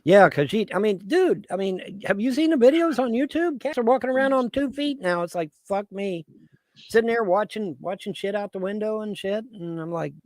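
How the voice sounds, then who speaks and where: A man's voice: sits high, animated, normal speed, a little mellow, no room sound. A man chatting on a live stream, rambling and swearing, laughing often as he talks. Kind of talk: casual live stream chat.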